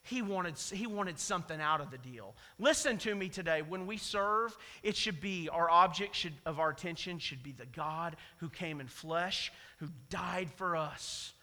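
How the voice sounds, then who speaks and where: A man's voice: fairly high pitch, moderate pace, hardly any pauses, sharp tone, in a large hall. A man preaching a sermon as pastor, talking in an emphatic, conversational way and repeating his key phrases for weight. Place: church sanctuary.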